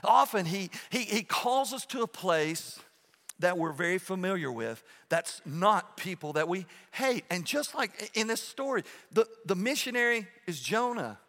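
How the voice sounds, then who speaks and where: A man's voice: high-pitched, very animated, unhurried, a bit bright, long reverb tail. A male pastor preaching a sermon in a church in a conversational way, often checking in with "okay?" and restarting phrases. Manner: frequent restarts and repeated words. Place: church sanctuary.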